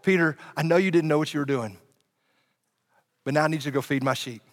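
A man pastor voicing the resurrected Jesus as a gentle, tender grown man in a soft, quiet voice. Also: fairly high pitch, fast, big-room sound, natural voice.

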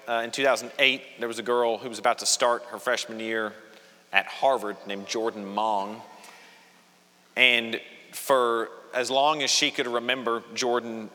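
A male pastor delivers an earnest, conversational sermon, often restarting his phrases. His voice is bright and forceful. It rings with the long reverb of a church hall. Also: medium pitch. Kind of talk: sermon with opening prayer. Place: church sanctuary.

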